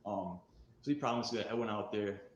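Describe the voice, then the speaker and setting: Man with a low voice, rambling candid story, echoey room, faint background noise. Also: fairly quick, highs cut off. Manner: candid, rambling, self-mocking. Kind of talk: recorded storytelling video.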